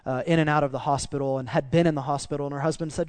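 A male pastor delivers a sermon in a relaxed, storytelling way, earnest and conversational. His voice sits on the higher side for a man, and the sound is close and dry with almost no room around it. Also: quick pace, hardly any pauses, no room sound. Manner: conversational, earnest, dips soft in emotional parts.

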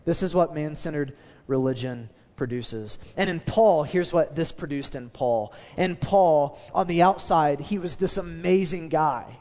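Guy preaching to a church, kinda high voice, punchy and emphatic, big echoey hall. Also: measured pace, darkish tone. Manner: emphatic preaching, dropping low for key phrases. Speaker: pastor. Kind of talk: sermon.

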